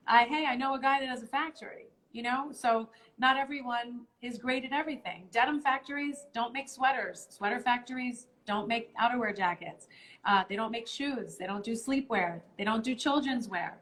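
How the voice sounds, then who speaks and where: A woman's voice: on the high side, normal speed, fairly bright tone, low-quality recording. A woman hosting a live stream in casual chat, explaining things step by step with many ums.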